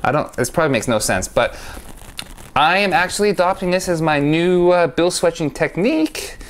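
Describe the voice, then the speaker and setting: A man's voice: on the high side, animated, normal speed. A man who performs magic, talking casually to camera about a trick he likes, rambling and correcting himself as he goes. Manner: rambling, stop-start, self-correcting; enthusiastic. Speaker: magician reviewing his own trick.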